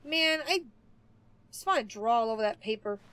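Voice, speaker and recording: A woman's voice: fairly high pitch, animated, normal speed, fairly bright tone, slight background noise. A woman streamer chatting casually with her viewers while playing, chatty and easily amused. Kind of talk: casual game livestream chat.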